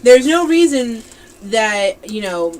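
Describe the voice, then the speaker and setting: A woman's voice: fairly high pitch, very animated, takes it slowly, a little mellow. A woman co-hosting a casual snack-tasting chat, hesitant and chatty with frequent fillers. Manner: chatty, hesitant, lots of um and mm-hmm. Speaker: co-host.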